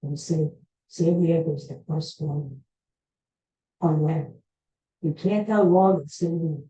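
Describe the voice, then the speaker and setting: A woman's voice: low voice, steady tone, takes it slowly, dark tone, rough recording. A woman hosting a podcast in a casual, rambling chat, joking and teasing the people in the studio. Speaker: podcast host.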